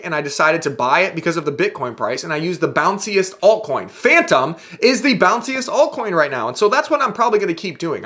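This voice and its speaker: A man's voice: a little high, fairly bright tone. A man hosting a crypto video show, ranting at his viewers in an exasperated, sarcastic monologue.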